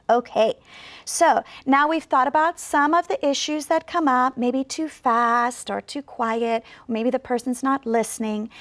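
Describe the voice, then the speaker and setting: Casting: high-voiced female ESL teacher, slow clear encouraging delivery. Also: no echo. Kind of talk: video lesson to learners.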